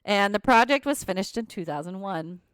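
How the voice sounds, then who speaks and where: A woman shares haunted-place history in a loose, chatty way, breaking off to laugh and comment. Her voice swoops widely in pitch as she tells it. The sound is dry and close, with no room around it. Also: a little fast, smooth, no room sound. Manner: animated storyteller, laughs often, asides. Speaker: podcast co-host telling ghost stories. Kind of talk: casual chat, reading history notes.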